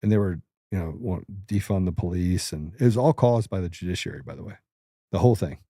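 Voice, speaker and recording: A man's voice: low voice, fairly quick, mellow, no room sound, studio quality. A middle-aged man hosting political commentary, blunt, combative and emphatic. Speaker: host.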